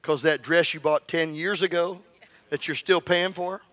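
A man's voice: a little high, fairly even intonation, moderate pace, a bit bright. A middle-aged male pastor preaching a fervent sermon with call-and-response, telling stories and joking with the congregation.

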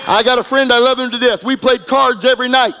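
A middle-aged man preaching a sermon, folksy and emphatic, going from quiet asides to shouting. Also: very high voice, steady tone, quick pace, over music, crowd noise, low-quality recording. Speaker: pastor.

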